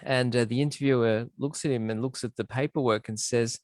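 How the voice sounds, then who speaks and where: Man, class participant, halting delivery, dry close sound, video call. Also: medium pitch, fairly even intonation, no room sound. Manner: hesitant, halting, telling a joke.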